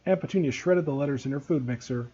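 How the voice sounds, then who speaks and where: A man, a teacher, reading a novel aloud to students in a steady, expressive way. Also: medium pitch, fast, husky, highs cut off.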